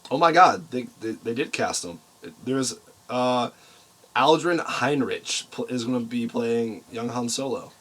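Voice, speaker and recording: Expressive and unhurried, this young co-host's mid-range, slightly bright voice drifts through loose, meandering stories on a casual podcast. He laughs frequently as he talks.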